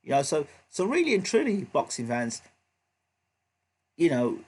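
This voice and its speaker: A man's voice: a little high, huge pitch swings, unhurried, darkish tone, slightly rough. A man hosting a live boxing reaction stream, emphatic and repetitive, often checking in with his audience. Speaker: vlog host.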